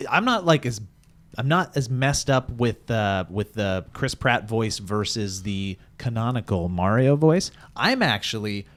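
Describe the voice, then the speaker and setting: A man co-hosting a podcast in casual chat, talking in a measured, drawn-out way. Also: on the low side, lively intonation, fairly bright tone. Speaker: podcast co-host.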